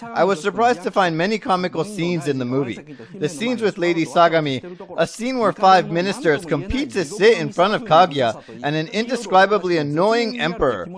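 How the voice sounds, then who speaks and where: High-voiced man giving a chatty lecture. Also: lively intonation, normal speed, crowd noise. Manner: chatty, quizzes the audience. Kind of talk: dubbed online lecture.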